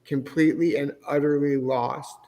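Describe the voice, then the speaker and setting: A man's voice: fairly high pitch, steady tone, normal speed, darkish tone. A middle-aged man, a podcast guest, telling his personal faith testimony in an earnest, emotional way. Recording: long hall reverb.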